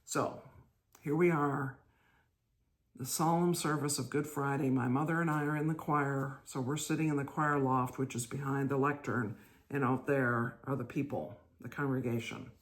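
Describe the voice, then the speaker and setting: An older woman hosting her own show, telling a church memory in a gentle, chatty way and laughing as she goes. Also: rumbling low, steady tone, normal speed. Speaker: host. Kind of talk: casual storytelling monologue.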